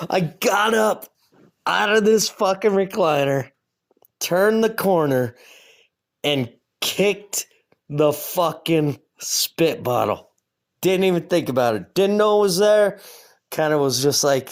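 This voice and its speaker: A man's voice: high-pitched, lively intonation, takes it slowly. A man hosting a podcast alone, ranting casually in a profane, self-mocking way. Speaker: podcast host. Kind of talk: casual rambling monologue.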